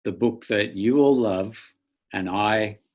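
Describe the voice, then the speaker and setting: A man, a children's author, reading a picture book aloud to children in a playful, theatrical way with loud barks, over an online link from home. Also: lowish voice, slow pace, muffled recording.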